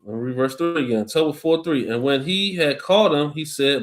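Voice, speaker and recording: A man leading a Bible study, reading verses slowly and deliberately and breaking off to scold listeners in blunt, slangy speech. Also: fairly high pitch. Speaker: scripture reader and co-teacher.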